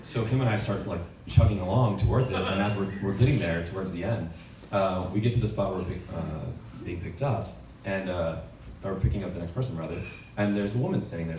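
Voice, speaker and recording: A man performing a stand-up comedy set, telling stories with sudden shouted punchlines and plenty of swearing. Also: low-pitched, fairly quick, echoey room, distant mic, noisy background. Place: comedy club stage.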